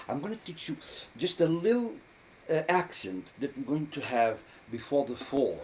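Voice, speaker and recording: A man's voice: medium pitch, big pitch swings, moderate pace, loud music behind the voice. A man in his twenties teaching a live drumming lesson, counting the beats aloud and encouraging learners. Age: 20s. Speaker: drum facilitator. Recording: drums playing loudly behind.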